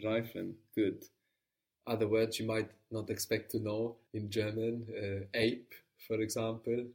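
Patient, low-voiced male language teacher. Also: level tone, darkish tone. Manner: patient, encouraging, explains slowly. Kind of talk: spoken language lesson.

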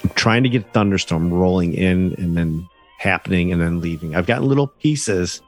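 A male podcast co-host from the New York area, chatting casually. He rambles and circles back on his thoughts. His voice sits fairly low for a man. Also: normal speed, a little mellow, soft background music. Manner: rambling, full of "like" fillers. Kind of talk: casual chat.

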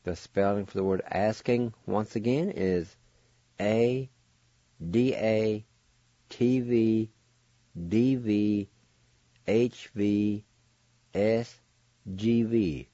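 A man's voice: fairly low pitch, steady tone, very slow, long pauses, mellow, no room sound, muffled recording. A man hosting a radio lesson, spelling and pronouncing words syllable by syllable, repeating each one with care. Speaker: radio host teaching language. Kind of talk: slow instructional spelling and pronunciation.

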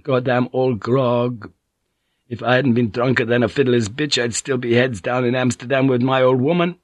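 A man's voice: mid-range voice, steady tone, moderate pace, dry recording, pitched above the performer's own voice, close to an everyday voice. A man voicing a coarse, fearful Dutch sailor who curses his luck. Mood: bitter grumbling. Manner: cursing, fearful and bitter.

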